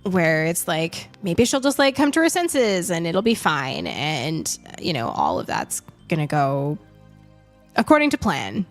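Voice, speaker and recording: A woman's voice: fairly low pitch, measured pace, faint music behind. Chatty young woman reading aloud. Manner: expressive reader, chatty and self-amused when talking. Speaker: streamer reading a novel aloud. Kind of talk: reading aloud and casual chat on a live stream.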